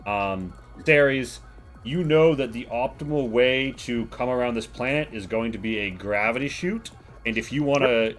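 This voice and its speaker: A man's voice: mid-range voice, normal speed, soft background music. A man narrating as game master of a tabletop game, rambling with many fillers.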